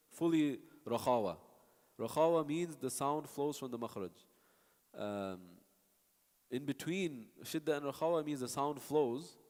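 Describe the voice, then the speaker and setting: A man's voice: mid-range voice, a little mellow. Man teaching recitation in a reverberant hall. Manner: patient, stops to demonstrate sounds and answer students. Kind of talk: classroom teaching with spoken examples.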